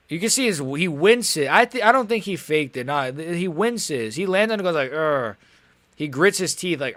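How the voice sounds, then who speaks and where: A man's voice: fairly high pitch, a bit bright, no room sound. A young man hosting a live stream, reacting in casual, rambling talk, frustrated and swearing. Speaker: livestream host.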